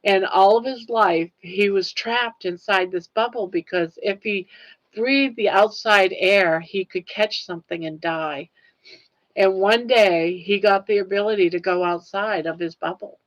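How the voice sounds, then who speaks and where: A woman's voice: mid-range voice, measured pace, highs cut off. An older woman hosting a casual livestream chat, tearful and earnest as she talks straight to her viewers. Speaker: livestream host.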